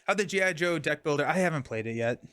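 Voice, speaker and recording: Talking fast with lively intonation, a young man streams a card game in a slightly high, fairly bright, smooth voice. He chats as he plays, explaining his moves, reading chat and thanking viewers, and there's no room sound.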